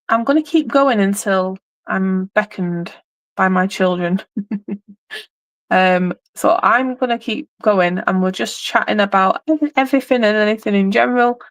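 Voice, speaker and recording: An English woman in her thirties chats casually on a live stream. She rambles, restarts sentences and fills pauses with ums. Her voice sits at a middle pitch and sounds dry and close. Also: a bit bright, dry recording, low-quality recording. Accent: English, mixed regional. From England.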